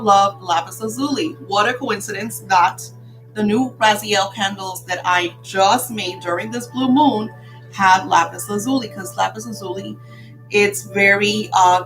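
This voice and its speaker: A woman's voice: mid-range voice, fairly bright tone, poor audio. An older woman teaching a live class on spiritual practice in a chatty storytelling way, laughing often. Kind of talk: casual live-stream class.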